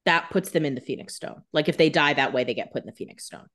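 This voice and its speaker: A woman's voice: deep voice, fast, a bit bright. A woman co-hosting a podcast, joking and blunt in casual banter. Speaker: podcast co-host.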